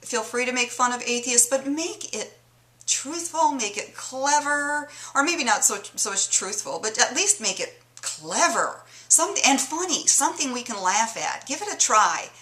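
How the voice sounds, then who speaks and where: A woman's voice: on the high side, animated, measured pace, pushed and bright, low-quality recording. A woman chatting casually while showing her drawings, rambling and hesitant with many ums and self-corrections, in a playfully mocking tone. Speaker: vlogger.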